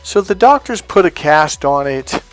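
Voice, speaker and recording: Middle-aged guy coaching dating stuff, kinda high voice, swears a lot, faint music behind. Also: a little slow. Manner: blunt, heavy swearing, animated storytelling. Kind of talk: casual spoken lesson.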